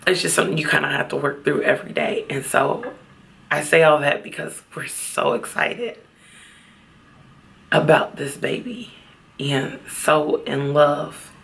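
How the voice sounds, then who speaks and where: A woman talks into her vlog outdoors at a beach, her voice thick with gravel and fry. Her tone is bright and forward. She speaks haltingly and from the heart, often close to tears. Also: deep voice. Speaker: vlogger. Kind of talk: personal vlog talk.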